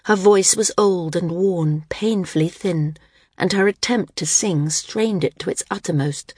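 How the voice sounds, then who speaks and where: A woman narrating a story in a calm, measured reading on a close studio mic. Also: fairly low pitch, breathy edge, no room sound. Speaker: audiobook narrator. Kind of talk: scripted narration.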